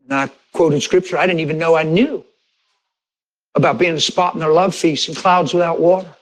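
A fairly high-voiced man preaches as a pastor, telling a personal story to his congregation. He talks directly and conversationally, acting out the dialogue and often breaking into laughter. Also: a little fast, rough recording. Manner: animated, re-enacts conversations with rising pitch and bursts of laughter. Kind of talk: sermon storytelling.

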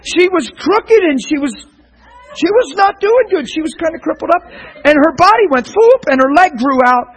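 A man preaching conversationally who tells stories with laughter and drops to a hush for emphasis. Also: very high voice, expressive, normal speed. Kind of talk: storytelling sermon talk.

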